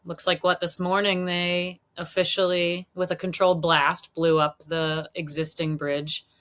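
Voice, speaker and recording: Easygoing woman, slightly low voice, agreeable podcast co-host. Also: little pitch movement, measured pace, fairly bright tone. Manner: easygoing, agreeable, frequent backchannel "yeah". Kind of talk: casual podcast chat.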